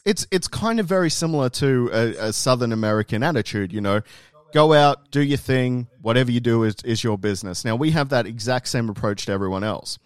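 An Australian man chats casually as a podcast guest, his voice smooth and resonant. He rambles and searches for words as he talks. The sound is dry and close. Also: mid-range voice, lively intonation, fairly quick, no echo. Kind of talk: casual chat.

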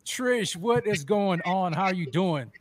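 A man hosting a casual sports fan show, excitable and restarting his sentences with repeated words. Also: high voice, measured pace, slight background noise. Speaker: host.

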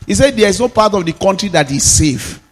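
Nigerian preacher guy, high pitched, loud declarations then chatty stories, big echoey church. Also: lively intonation, fairly quick. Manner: declaring blessings with shouts, then storytelling quietly. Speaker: pastor. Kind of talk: sermon.

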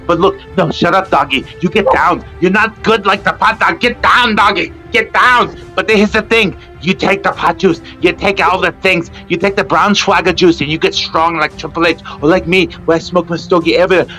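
A man's voice: high-pitched, moderate pace, few pauses, bright, forceful tone, faint music behind. A man voicing a dim, boastful male caller who brags about smoking stogies, rambling crudely in a prank call-in bit. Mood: blustering.

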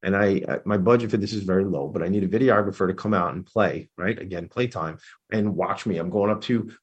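A man hosting a radio talk show, chatting in a casual, excitable and effusive way. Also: low-pitched, fairly quick, slightly rough, highs cut off.

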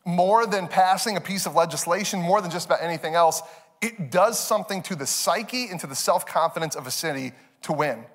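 A man preaches in a lively storytelling style. His voice sits fairly high, and he slips into his kids' voices with bursts of laughter. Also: brisk, in a large hall. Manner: animated, acts out his kids in high voices, laughs often. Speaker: pastor. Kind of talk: storytelling sermon. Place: church stage.

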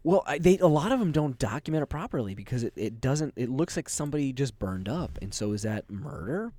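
This young podcast co-host rambles through stories in casual chat, swearing easily and laughing along the way. His voice is medium-pitched, sing-song, brisk, and warm, with no room sound.

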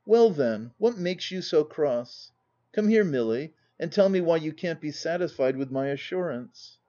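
A man voicing a brash, boisterous young country gentleman who talks in a loud, blustering way, read as part of a storybook. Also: a little high, animated, unhurried, lo-fi sound. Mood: teasing.

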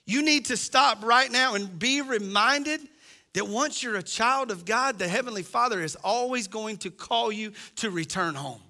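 A man's voice: high voice, expressive, normal speed, vocal fry, pushed and bright. A middle-aged man preaching a sermon as pastor, impassioned and acting out the voices he quotes.

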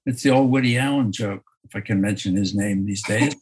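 A man, a photographer, talking in a slow, thoughtful way in an interview, often restarting his sentences and laughing softly. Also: on the low side, breathy edge, rough recording. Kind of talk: reflective conversational interview.

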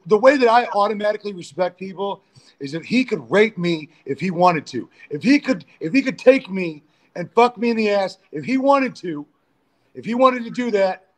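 A man, a pro wrestler guest, telling crude, profane backstage stories in a casual interview. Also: high voice. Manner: profane, animated storyteller.

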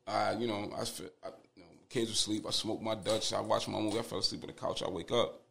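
A young man, a father of twins, telling stories as a podcast guest in a casual, animated, profane way. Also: on the low side, fast talker, gravelly, a little hiss or hum. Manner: animated, profane storytelling with laughter.

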